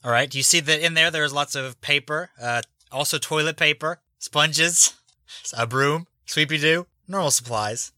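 A man's voice: a little high, normal speed, pushed and bright, dry recording. A man narrating a tabletop game as game master, laid-back and often laughing as he describes scenes.

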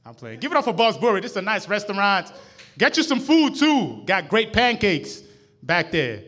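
A man's voice: high-pitched, huge pitch swings, normal speed, a bit bright. A man doing a loose, slangy stand-up set in a comedy club, laughing at his own jokes.

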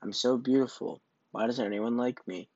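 A man voicing a proud, vain male fish from a storybook, with a haughty, sharp manner. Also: medium pitch, normal speed, dry recording, lo-fi sound, lightly acted. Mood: lonely.

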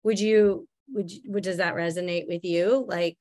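A woman hosting a podcast, asking questions and affirming her guest in a gentle, slow manner. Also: lowish voice, fairly even intonation. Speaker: podcast host. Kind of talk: interview podcast.

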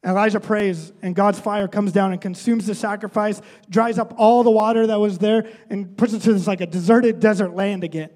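High-voiced pastor preaching in a reverberant hall. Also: male voice, fairly even intonation, fairly quick, few pauses, darkish tone. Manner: conversational, often adds "right?". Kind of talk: sermon.

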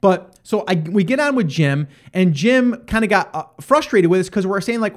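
A male podcast host telling a story in a casual, animated way, acting out the back-and-forth of conversations with lots of fillers and restarts. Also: high voice, moderate pace, hardly any pauses. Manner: animated, acts out quoted exchanges.

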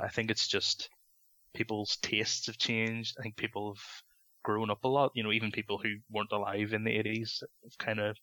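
A lowish male voice, relaxed and measured. He is a podcast guest, filling his pauses with frequent ums. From London. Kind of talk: casual podcast chat.

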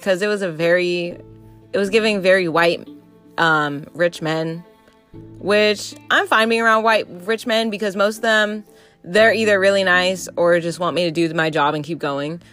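A woman's voice: mid-range voice, sharp tone. A woman in her twenties from the Southern United States, telling candid stories straight to camera in a blunt, profane, casual way. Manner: acts out quoted customers and coworkers. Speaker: vlogger. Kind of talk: casual storytime monologue.

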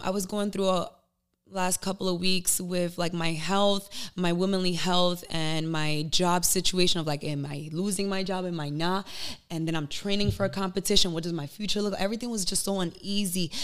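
A woman with a fairly low voice talks candidly in a casual podcast chat. She tells emotional personal stories and slips into quick acted-out lines of her own thoughts. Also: steady tone, fairly bright tone, smooth. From Dominican family. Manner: candid, emotional storytelling with acted-out inner quotes. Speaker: podcast guest.

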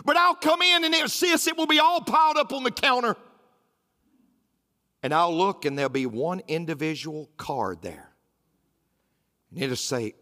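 A man's voice: on the high side, expressive, moderate pace, bright, forceful tone. A man preaching a sermon as pastor, emphatic and repetitive, with folksy humor. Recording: roomy hall with faint music.

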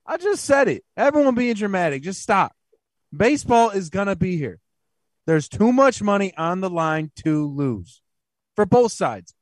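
A man's voice: high voice, sing-song, no echo. A man in profane casual chat who cuts in to tease others and talks bluntly. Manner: quick teasing interruptions, blunt.

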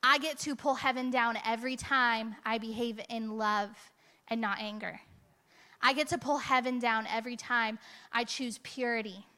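A woman's voice: a little high, fairly even intonation, normal speed, pushed and bright. A woman preaching a conversational, emphatic sermon to her church, full of rhetorical asides.

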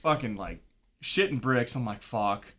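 A man's voice: mid-range voice, lively intonation, unhurried, bright, forceful tone, a little hiss or hum. A young man spins a rambling, profane story in a casual chat. He swears freely and slips into the voices of the people in the story. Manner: profane, rambling, acts out dialogue. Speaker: guest telling a story.

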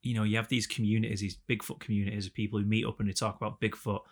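A young man co-hosting a podcast, rambling in a sweary, animated casual chat. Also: fairly low pitch, rapid-fire. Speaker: podcast co-host.

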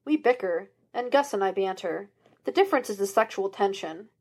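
A woman voicing an excitable, wisecracking young male private detective whose voice leaps up high when he protests, in an audiobook reading. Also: normal speed, slightly rough. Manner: excitable, wisecracking, jumps up in pitch.

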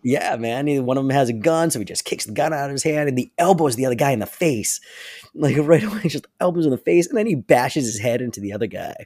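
Speaking fast at a medium pitch, this podcast co-host relives a story with lots of animation and frequent laughter during casual chat. The sound is dry and studio clean.

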